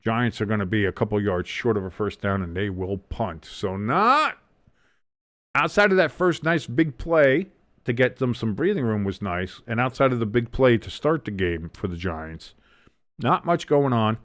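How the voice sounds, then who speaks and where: Hosting a live football watch-along, this man speaks in a lowish, expressive voice at normal speed, slightly bright, with no echo. His game commentary is casual and profane as he calls plays, reads the chat and banters with viewers.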